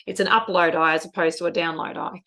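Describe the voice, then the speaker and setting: A woman's voice: lowish voice, steady tone, quick pace, a bit bright. A middle-aged woman, co-hosting a casual podcast chat, talking earnestly and emotionally about parenting. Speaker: podcast co-host.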